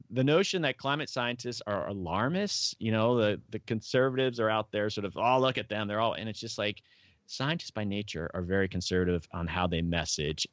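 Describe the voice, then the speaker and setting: Middle-aged male guest, rambling storyteller, low-fi dry sound. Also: dry recording. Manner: rambling storyteller, acts out quoted voices. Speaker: podcast guest. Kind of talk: casual interview talk. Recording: dull, dry lo-fi audio.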